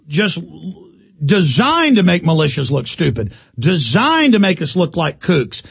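Brief: talk-radio host, male, high and gravelly, heated repetitive monologue. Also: no room sound. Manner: emphatic, repetitive, ranting.

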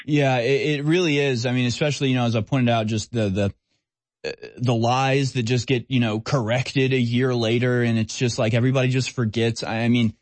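A man hosts a talk radio show in a scornful, mocking tone that runs from quick asides to slow, drawn-out sneers. His voice sits in an ordinary middle pitch. The sound is close and dry, with no room echo. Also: fairly even intonation. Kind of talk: opinionated talk radio monologue.

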